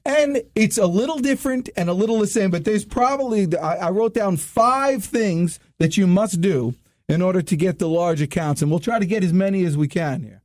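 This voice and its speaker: A man's voice: sits high, normal speed, no echo. A man hosting a joking radio show on sales tips, teasing his co-hosts and talking straight to listeners. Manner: animated, teasing, addresses listeners as ladies and gentlemen. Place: radio studio. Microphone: studio microphone.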